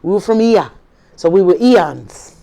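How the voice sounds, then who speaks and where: A woman's voice: mid-range voice, expressive, measured pace, gravelly, dark tone. A woman hosting her own video channel, talking casually and preachily to viewers, repeating herself and firing off rhetorical questions in an informal, drawling way. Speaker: spiritual video host.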